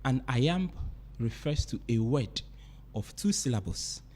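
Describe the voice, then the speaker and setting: A man's voice: mid-range voice, expressive, unhurried, a little mellow. A man teaching a literature lesson, explaining step by step and repeating and rephrasing his points. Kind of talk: explanatory lecture.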